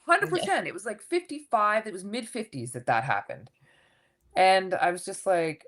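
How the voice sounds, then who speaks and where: A woman in her fifties, a coach and podcast guest, telling her story in a candid, animated way and swearing casually. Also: medium pitch, moderate pace. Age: 50s.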